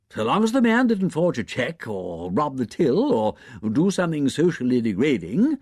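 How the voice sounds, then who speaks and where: A man's voice: mid-range voice, a little mellow, dry recording, clean studio sound, voice pushed up. A man voicing a blunt, outspoken middle-aged woman who is a college dean, in a brusque, dismissive manner.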